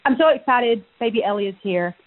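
A woman's voice: on the high side, animated, a little fast. A woman leaving a voicemail for the hosts, earnest and encouraging like a coach. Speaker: voicemail caller. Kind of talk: voicemail message. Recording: phone-line voicemail.

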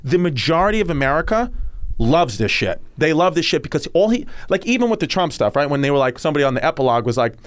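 A man's voice: a little high, big pitch swings, fast talker, no room sound. A man hosting a podcast, talking in a casual, emphatic and rambling way. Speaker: podcast host.

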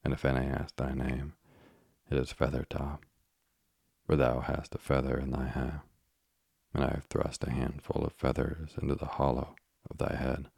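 A man's voice: a bass voice, completely flat delivery, moderate pace, creaky, a little mellow, slightly rough, no echo, clean studio sound, exaggerated voice. A man voicing a doting old witch woman in an audiobook, speaking in fond, archaic phrasing. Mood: proud.

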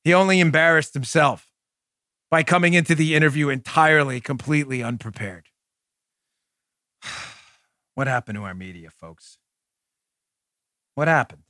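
A man with a fairly high voice delivers a forceful, combative monologue as a show host. He drags out key phrases for emphasis. The sound is dry and close on a studio mic. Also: no room sound. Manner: emphatic, combative, drawn-out punchlines. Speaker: podcast host. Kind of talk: opinionated monologue.

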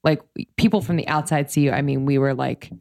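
Very low gravelly woman interviewer. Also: fairly quick, darkish tone, no echo, clean studio sound. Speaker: podcast co-host. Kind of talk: casual podcast interviewing.

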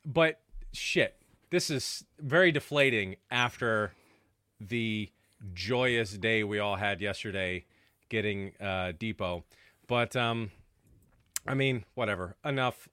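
Bright-voiced man hosting a postgame show. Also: mid-range voice, clear, resonant tone, no echo, clean studio sound. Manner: loose, swearing, runs the panel. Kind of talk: casual podcast chat.

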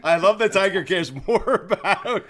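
A man's voice: high-pitched, normal speed, very noisy. A man hosting a casual podcast chat, who laughs easily and answers in short encouraging bits. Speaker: podcast host.

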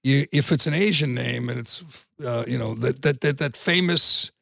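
A gravelly man holds forth on a podcast in an emphatic, indignant tone. His voice sits at an ordinary pitch, and the recording is close and dry. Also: moderate pace, fairly bright tone, no echo. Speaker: podcast co-host. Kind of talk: opinionated casual chat.

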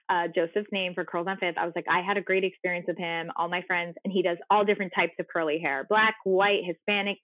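A woman's voice: fairly low pitch, no echo. A woman in casual chat, talkative and supportive, heard over a call. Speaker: stage performer. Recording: tinny phone-like dry line.

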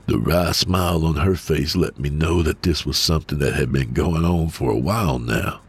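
A man narrating a first-person horror story in a calm, measured way. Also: very deep voice, vocal fry, slightly rough. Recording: soft music under voice.

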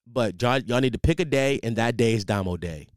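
Young man as podcast host, animated and profane, clear voice on a close studio mic. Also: medium pitch, a little fast, no room sound. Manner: animated, profane, rambling with restarts. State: tired, sleepless. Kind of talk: casual storytelling monologue. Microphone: studio microphone.

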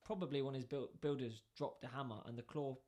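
A man's voice: mid-range voice, steady tone, brisk, darkish tone. A British man co-hosting a podcast, telling a story in casual chat and acting out both sides of the conversation. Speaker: podcast co-host.

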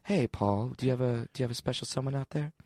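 A man's voice: medium pitch, fast, darkish tone, dry recording, clean studio sound, natural voice. A man voicing a late-night radio dedication host, with soothing host patter. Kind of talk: improvised comedy role-play.

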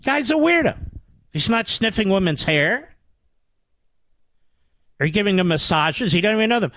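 Older male radio host from Philadelphia, emphatic sarcastic delivery, pitch rises and falls widely. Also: expressive, moderate pace, pauses often, fairly bright tone, no room sound. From Philadelphia area, US. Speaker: radio talk show host. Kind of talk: political talk radio monologue.

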